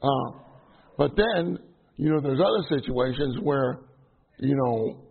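A man's voice: medium pitch, expressive, slow, gravelly, husky. A middle-aged man preaching to trainees in a chatty, self-deprecating way, full of fillers and restarts. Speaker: minister teaching trainees. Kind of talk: casual sermon to a live audience. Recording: tinny phone-like sound.

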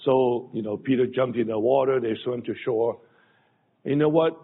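A man preaching a sermon in a slow, halting way, pausing and restarting often. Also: mid-range voice, husky. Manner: slow, halting delivery with many pauses and restarts. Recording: phone-like lo-fi audio with long hall reverb.

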